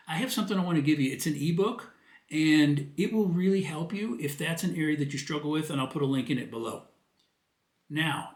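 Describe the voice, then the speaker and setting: A man's voice: a little high, echoey room. A man giving parenting advice in a video monologue, earnest and plain-spoken as he explains. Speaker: parenting coach.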